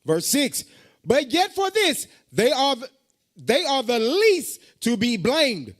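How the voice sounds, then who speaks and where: A man reading scripture aloud in a class, halting and repeating words as he goes. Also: very high-pitched, wildly swooping pitch. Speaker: scripture reader.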